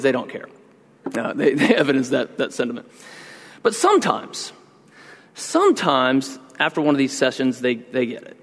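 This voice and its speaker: Pastor preaching in an echoing hall. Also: male voice, a little high, moderate pace. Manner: storytelling, animated, acting out scolding his kids. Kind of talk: sermon. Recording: long reverb of a large hall.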